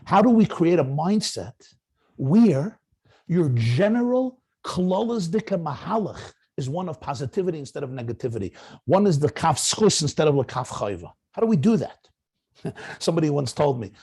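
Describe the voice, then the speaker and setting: A middle-aged rabbi lecturing on marriage, with a gravelly, husky voice. He talks in an animated way, swinging widely up and down in pitch. He slips into voices when he acts out what spouses say. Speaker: rabbi giving marriage guidance. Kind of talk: lecture to young married men.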